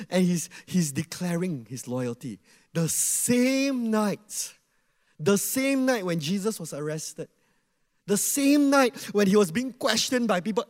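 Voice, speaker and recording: A man preaching a sermon in an animated way, asking the audience questions and acting out quotes. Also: high-pitched, measured pace, big-room sound.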